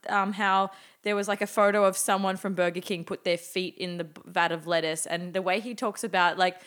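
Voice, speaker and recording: A woman's voice: on the low side, steady tone, a little fast, a bit bright. A woman co-hosting a podcast in casual chat, chatty and swearing freely. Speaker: podcast co-host.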